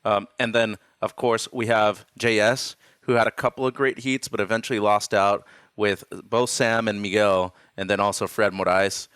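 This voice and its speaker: Male analyst, smooth clear voice, loose rambling chat with fillers, dry sound. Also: lowish voice, flat delivery, normal speed, fairly bright tone, no room sound. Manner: rambling, filler-laden, upbeat. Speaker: co-host analyst.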